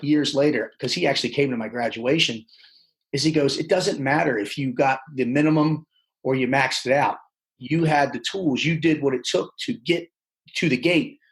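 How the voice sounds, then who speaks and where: A man telling his life story as a podcast guest, animated, acting out the people he quotes. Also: medium pitch, poor audio. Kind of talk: casual storytelling interview.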